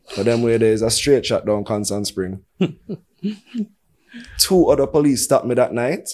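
A Jamaican-accented man with a mid-range voice speaks at a measured pace as a podcast guest. He tells a story in casual conversation, animatedly acting out the voices of the people involved.

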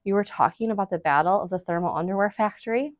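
A woman's voice: medium pitch, fast talker, no echo, lo-fi sound, natural voice. A woman voicing an anxious young boy hero in a read-aloud storybook, speaking urgently.

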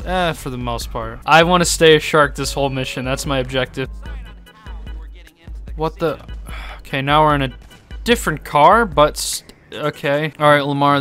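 A young man giving let's-play commentary on a chaotic game, excitable and laughing often with sudden high yelps. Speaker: gaming YouTuber.

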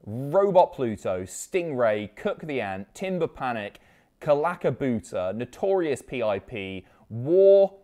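A man's voice: medium pitch, very animated, takes it slowly, mellow. A man hosting a casual reaction stream, chatty and sweary as he reads out viewer names.

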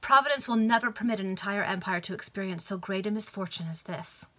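A woman voicing a haughty aristocratic Victorian duchess in a read-aloud storybook, in a clear, bright voice. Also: mid-range voice, fast talker. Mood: horrified. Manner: proud, gossipy.

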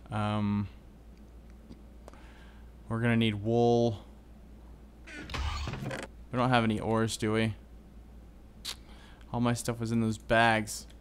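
A man commentating his own game as he plays, excitable and groaning at setbacks. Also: fairly low pitch, a little hiss or hum. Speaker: gaming video host. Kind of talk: Minecraft let's play commentary.

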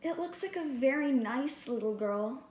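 A woman's voice: sits high, animated, a little slow, a little mellow. A woman doing a gleeful storybook dad. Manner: gleeful, boastful. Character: jolly, scheming grown-up dad. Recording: echoey room, faint background hum.

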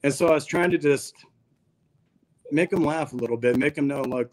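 A man's voice: fairly high pitch, moderate pace, darkish tone, rough recording. A man as a podcast guest, telling a long story in a casual, slangy, laid-back way. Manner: laid-back, slangy, peppers talk with "dude".

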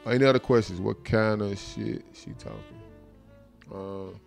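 A man chats casually to his livestream audience in a fairly low voice. He talks in a loose, laid-back way, swears freely and keeps looping back to the same filler phrases. Faint music plays quietly behind him. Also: steady tone, measured pace, gravelly. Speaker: livestream host.

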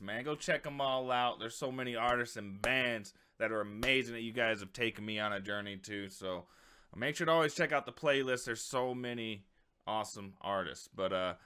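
A man's voice: mid-range voice, bright, forceful tone, clean tone. An American man hosting a music reaction channel, chatting casually with lots of fillers and repeated words. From United States.

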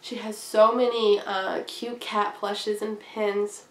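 A woman's voice: medium pitch, fairly even intonation, slow pace, echoey room. A young woman with a cold chatting casually through a craft haul, bubbly and rambling, giggling often. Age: young adult. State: has a cold, coughing. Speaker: craft vlogger.

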